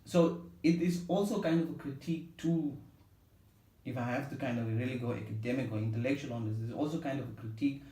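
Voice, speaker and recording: Man, warm dark tone, analytical and hesitant, recorded from afar. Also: mid-range voice, quick pace. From not from Cape Town. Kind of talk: casual discussion. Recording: echoey room, mic at a distance.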